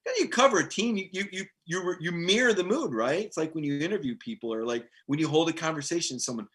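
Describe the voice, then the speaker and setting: A middle-aged sports beat writer hosting a casual live stream, animated and rambling, reading viewer comments aloud. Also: male voice, on the high side, fast talker.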